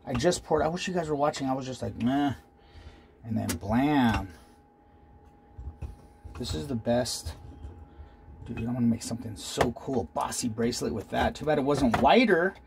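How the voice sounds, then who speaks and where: A man's voice: mid-range voice, expressive, moderate pace, vocal fry, pauses often, background noise. A man casually talking viewers through his jewelry casting work in a home workshop, calling them "guys" and poking fun at himself. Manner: talks to viewers while working, self-deprecating, frequent "guys". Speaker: jewelry maker vlogger.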